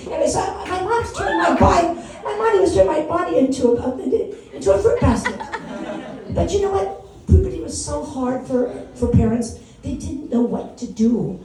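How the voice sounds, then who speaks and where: Very animated and high-pitched, a Wisconsin comic in her sixties works through a meandering, self-mocking routine at a moderate pace, chuckling at her own jokes. Crowd noise fills the small venue, heard from a distance in an echoey room.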